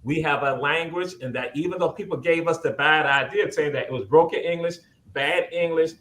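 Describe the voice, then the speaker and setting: A man's voice: on the high side, brisk, a bit bright, echoey room. A man with a Gullah Geechee Southern accent hosting a talk show, lecturing in a rousing, preacher-like way and driving points home with repeated calls of "guess what.". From Southern United States, Gullah Geechee. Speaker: host.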